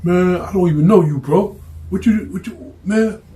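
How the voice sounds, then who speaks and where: A man voicing a nervous, loud male street dealer who pleads in agitated slang. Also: high voice, normal speed, voice pushed up, natural voice.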